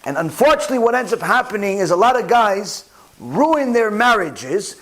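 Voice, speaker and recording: Sex: man. Role: rabbi. Style: sermon storytelling. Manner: animated, emphatic. Pitch: high. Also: normal speed. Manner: animated, rising in pitch and volume at key points.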